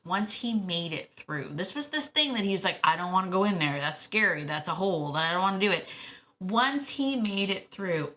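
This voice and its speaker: A woman's voice: low voice, bright, forceful tone. A woman hosting a podcast about dog training, talking in a chatty, enthusiastic way with lots of "right?" asides. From Canada. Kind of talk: casual podcast monologue.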